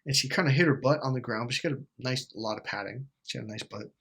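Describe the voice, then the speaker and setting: A middle-aged man hosting a self-help video, telling a blunt, swear-heavy story in an animated monologue. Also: medium pitch, quick pace, creaky, slightly rough.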